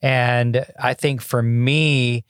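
A man's voice: mid-range voice, fairly even intonation, drawn-out words, a bit bright, clean tone, no room sound. An older man in his sixties talks through his past as a podcast guest. He is folksy and self-deprecating and often stumbles over a repeated word. The sound is dry and close, with no room around it. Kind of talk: casual interview storytelling.

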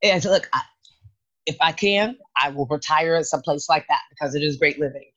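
A woman co-hosting a podcast, chatting casually and telling stories in an emphatic, animated way. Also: low voice, brisk, lo-fi sound. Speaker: podcast co-host. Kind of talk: casual chat.

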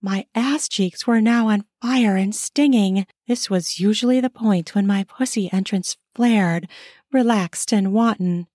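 A woman's voice: mid-range voice, measured pace, dark tone, no room sound, studio quality. A woman reading her own erotic short story aloud in an intimate first-person style. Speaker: narrator and author.

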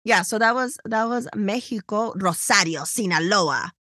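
Speaking at a moderate pace with a medium-pitched voice, this woman co-hosts a podcast and recounts a story in relaxed chat, bringing each quoted person to life. The studio-quality audio has no room sound.

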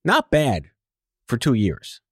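A man's voice: medium pitch, wildly swooping pitch, slow pace, husky, no room sound, clean studio sound. A man hosting a casual radio interview, joking and teasing his guest. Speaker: radio host.

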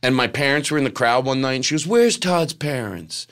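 A man's voice: mid-range voice, fairly even intonation, racing, pushed and bright, clear, resonant tone. A middle-aged man, a comedian, telling a rambling personal story with lots of quoted dialogue. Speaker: guest comedian. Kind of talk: casual storytelling.

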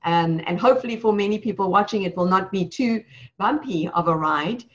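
A woman's voice: medium pitch, fairly quick. Woman hosting, reflective encouraging questions, kinda dull muffled audio. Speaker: host. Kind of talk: hosting an interview.

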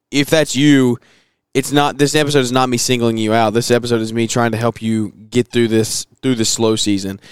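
A man in his thirties hosting a podcast, talking casually with a hoarse voice and plenty of fillers and restarts. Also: mid-range voice, no echo, clean studio sound. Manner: chatty, rambling with fillers and restarts. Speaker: podcast host.

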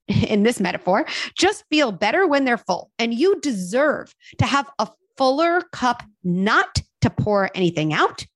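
A woman on a podcast talking about parenting and self-care in a casual, animated way, with lots of fillers. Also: on the high side, dry recording. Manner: animated, uses many fillers and acted quotes. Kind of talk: casual conversational advice.

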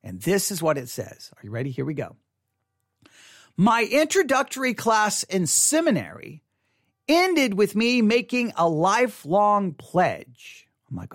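A man's voice: sits high, very animated, moderate pace, fairly bright tone, no echo. A man hosting a casual devotional podcast from a studio, rambling and often repeating himself as he talks. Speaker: podcast host. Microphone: studio mic.

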